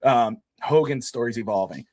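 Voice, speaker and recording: A man with a medium-pitched, darkish voice co-hosts a podcast, rambling through casual sports chat at normal speed with lots of "you know" fillers. The recording is studio quality, with no room sound.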